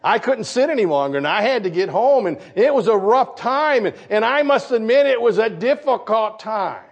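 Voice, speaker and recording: A man from Michigan, a pastor preaching a sermon, animated and putting questions to his congregation. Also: sits high, moderate pace, breathy edge. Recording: dull lo-fi recording.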